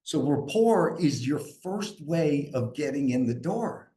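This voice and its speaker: A man from New York coaching a group live, energetic and asking the group questions. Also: a little high, takes it slowly. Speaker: sales coach.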